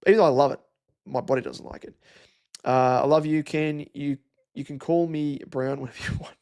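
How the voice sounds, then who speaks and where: A man's voice: on the high side, fairly even intonation, fairly quick, darkish tone, smooth. An Australian young man hosting a casual live stream, rambling and chatty with lots of fillers as he reads out comments. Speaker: livestream host.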